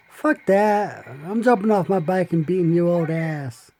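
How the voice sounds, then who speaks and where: A man's voice: sits high, a little mellow, low-quality recording. A man hosting a reaction video, giving brash, profane, trash-talking commentary.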